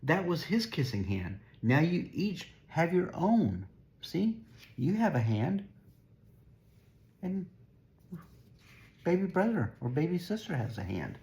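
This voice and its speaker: Man reading as a gentle mother raccoon. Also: fairly high pitch, very animated, slow, pauses often, pitched above the performer's own voice, heavily acted. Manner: soft, reassuring.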